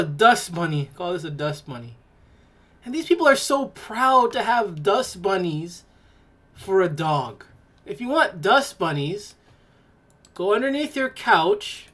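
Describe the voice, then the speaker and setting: A woman hosting a podcast, giving casual reaction commentary in a mocking, exclaiming way and laughing in disgust. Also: medium pitch. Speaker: podcast host.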